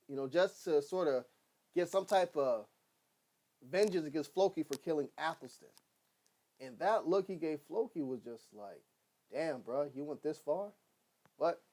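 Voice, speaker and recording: A man casually recapping a TV episode, rambling and excitable, swearing often and acting out what characters say. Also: fairly high pitch. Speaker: TV episode reviewer.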